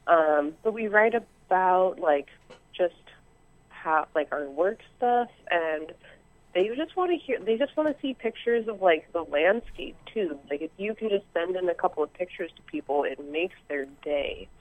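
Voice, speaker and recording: Excited woman on a tinny call line. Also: on the low side, unhurried. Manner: excited, rambling with many ums. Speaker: caller. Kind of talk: call-in chat. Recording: phone-like internet call line.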